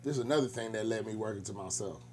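A man's voice: on the low side, racing, mellow. A man co-hosting a casual podcast, telling blunt, profane stories about work. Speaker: podcast co-host. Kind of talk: casual chat.

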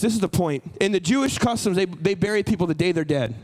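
High-voiced pastor preaching. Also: male voice, fast talker, low-quality recording. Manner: animated, acts out dialogue. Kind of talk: sermon.

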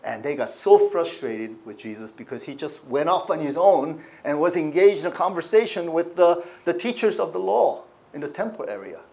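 A male pastor delivering a sermon in a chatty, conversational style. His voice sits a little high for a man, and he keeps asking his listeners rhetorical questions. He drops to near-asides and then rises to emphatic, louder points. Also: big pitch swings, normal speed, gravelly, hardly any pauses. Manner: swings from quiet to emphatic.

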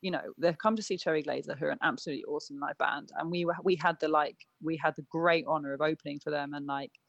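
A woman's voice: sits low, fairly even intonation, fast, gravelly, no room sound, highs cut off. A woman in her thirties, a punk band musician being interviewed, talking in a chatty way full of fillers and self-corrections. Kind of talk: casual interview chat.

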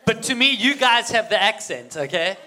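A man's voice: sits high, very animated, normal speed, pushed and bright, a little hiss or hum. A man with a South African accent telling a humorous personal story to an audience, getting the crowd to call back. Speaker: guest speaker.

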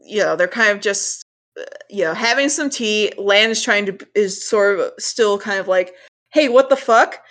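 A woman co-hosting a casual chat, recapping a cartoon episode in an animated way, swearing and acting out characters' lines. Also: medium pitch. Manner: animated, swears, acts out lines in quick voices. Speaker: podcast co-host.

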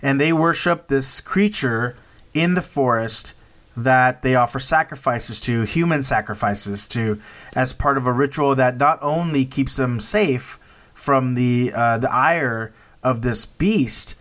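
A man's voice: mid-range voice, a little slow, fairly bright tone. A man hosting a podcast, casually recapping a horror film with many restarts and "right?" checks. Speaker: podcast host. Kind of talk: casual movie review chat.

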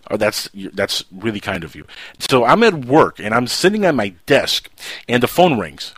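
A man hosting a podcast and telling a long story in casual chat, rambling and animated. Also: mid-range voice, normal speed, breathy edge, no echo. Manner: rambling, animated, keeps saying "check this out". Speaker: podcast host.

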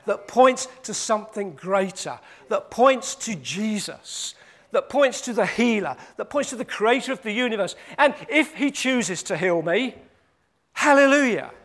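A man's voice: high-pitched, expressive, measured pace, a bit bright. A man preaching a sermon. He repeats his points for emphasis and acts out the quoted voices.

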